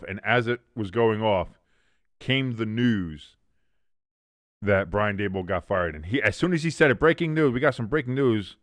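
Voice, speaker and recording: A man's voice: fairly low pitch, a bit bright, no room sound. A man hosting a sports watch-along stream, chatting casually with chat and calling the plays in a rambling way with many restarts.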